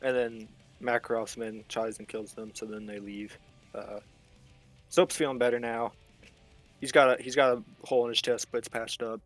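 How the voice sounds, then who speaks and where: A man's voice: mid-range voice, little pitch movement, normal speed, faint music behind. Rambling young man recapping game lore. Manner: rambling, loose slangy storytelling with fillers. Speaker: host explaining game lore. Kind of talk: casual comedic recap.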